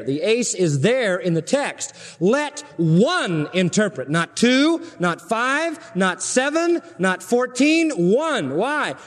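A man preaching a sermon with emphasis and rhetorical questions, in a large church hall. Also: high-pitched. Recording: long hall reverb.

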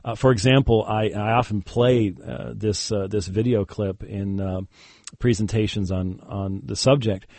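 A man's voice: on the low side, fairly even intonation, a little slow, darkish tone, dry recording. A man who is a guest on an interview, a Christian debater telling a story casually with many fillers and chuckled asides. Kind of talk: conversational interview.

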